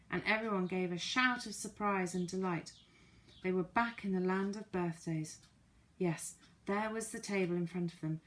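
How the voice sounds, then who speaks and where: A woman narrating a children's story in a calm, even storytelling manner. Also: lowish voice. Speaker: audiobook narrator.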